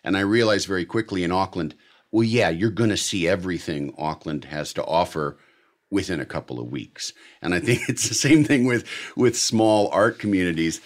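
A man, an actor, chatting casually and telling animated stories about his travels and work. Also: low voice, moderate pace. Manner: animated storyteller, does playful voices. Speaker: actor guest in conversation. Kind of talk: casual chat.

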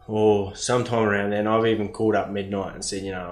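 An easygoing man with a lowish voice chats casually as a truck driver. He rambles and restarts his sentences. The recording sounds roomy and echoey. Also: steady tone, brisk. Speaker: mine truck driver, guest. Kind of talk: casual chat. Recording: roomy echo.

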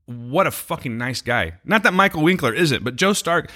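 A man's voice: on the high side, expressive, moderate pace, sharp tone. A man co-hosting a podcast, chatting casually in a rambling, jokey way full of tangents. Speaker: podcast co-host.

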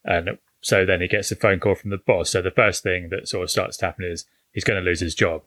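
A man's voice: sits low, fairly even intonation, a little fast, fairly bright tone, no echo. A man casually recapping a film plot and quoting the characters, swearing now and then, on a podcast. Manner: retells scenes, swears casually. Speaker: podcast co-host. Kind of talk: casual film review chat.

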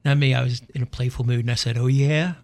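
A middle-aged man and radio host giving a humorous monologue, telling dry, deadpan stories with wry punchlines. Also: mid-range voice, fast talker.

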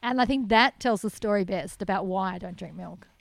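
An Australian woman spins lively stories in a relaxed interview, laughing easily along the way. Her pitch sits in a middle range. The sound is dry and close, with no room around it. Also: a little fast, creaky, no echo. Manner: lively animated storyteller, laughs often. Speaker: sanctuary founder, guest. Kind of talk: casual storytelling interview.

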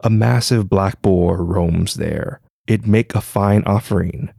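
A man's voice: sits low, slow, vocal fry, dark tone, no echo, studio quality, full character voice. A man voicing a playful old male sage who giggles and teases. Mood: teasing. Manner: playful, knowing.

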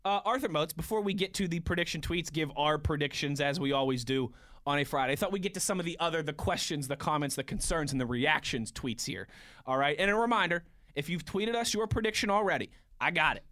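A man's voice: a little high, fast, bright, forceful tone. A man in his thirties co-hosting a sports radio show, chatting casually and reading out listener tweets. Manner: easygoing, reads out listener tweets. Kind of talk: casual sports talk chat. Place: radio studio.

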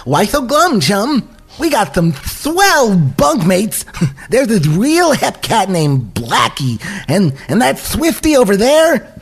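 Squeaky, giggly cartoon rabbit, super eager, voice jumping all over. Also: male voice, wildly swooping pitch, slow pace, slightly rough, faint music behind, full character voice. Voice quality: high, cartoonish, bouncy. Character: excitable male cartoon rabbit, eager and chatty.

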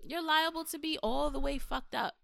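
A woman's voice: high-pitched, moderate pace, vocal fry, pushed and bright, no echo, clean studio sound. A woman, a podcast guest chatting casually, frank and profane, telling stories with animation. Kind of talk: casual chat.

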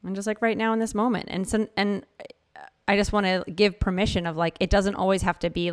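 A woman hosting a podcast, softly guiding listeners through a short mindfulness pause and talking casually with her guest. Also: mid-range voice, flat delivery, clear, resonant tone. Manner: soft, gently guiding. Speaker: podcast host. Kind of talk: casual conversation and guided meditation.

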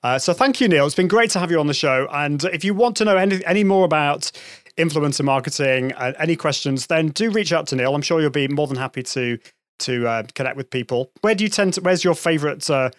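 A talkative man hosts a live online show, with a voice a touch higher than most men. He rambles, restarts his sentences and slips in small laughs. The sound is dry and close. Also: lively intonation, a little fast, dry recording. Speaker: host. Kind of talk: live show interview chat.

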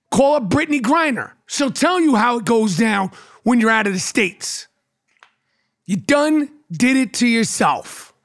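A man's voice: very high-pitched, a bit bright. Brash, mocking New York man ranting. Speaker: podcast host. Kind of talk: solo podcast rant.

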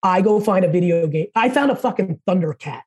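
A man as a podcast guest, telling stories in a fast, profane, high-energy way. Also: animated, darkish tone. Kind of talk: casual interview storytelling.

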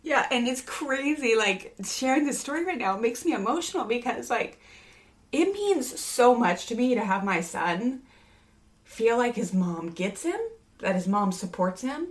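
A parenting speaker in her thirties talks earnestly in a casual podcast conversation, her voice a little high, expressive, and unhurried. She rambles, using many fillers and restarting often.

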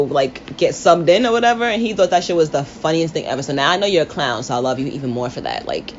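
A low-voiced woman talks sports in a lively, swooping way, trash-talking players and cracking herself up. The recording is dull and lo-fi with a faint hiss behind her. It sounds like a late-night podcast at home. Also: fast, few pauses. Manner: animated, trash-talking, laughs often. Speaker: podcast co-host. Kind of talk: casual sports chat.

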